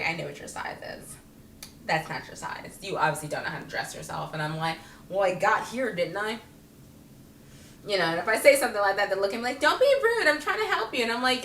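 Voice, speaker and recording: A bright-voiced young woman talks to camera, telling funny stories and slipping into the voices of the people in them. She is picked up from a little way off in a room with plenty of echo. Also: on the low side, a little hiss or hum. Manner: animated, acts out other people's voices, laughs often. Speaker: vlogger. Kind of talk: casual comedic storytelling to camera. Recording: echoey room, mic at a distance.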